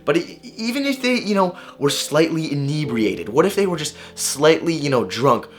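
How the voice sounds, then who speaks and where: A young man vlogger telling a personal story to camera in a casual, animated way, swearing and using slang. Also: a little high, moderate pace, faint music behind.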